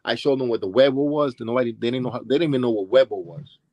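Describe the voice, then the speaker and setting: A man's voice: medium pitch, fast talker, mellow, dry recording. An older man from Brooklyn, telling stories in a casual interview and acting out the people he quotes. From Brooklyn, New York. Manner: acts out quoted people with voice changes. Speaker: interview guest, former DJ and dancer. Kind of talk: casual storytelling.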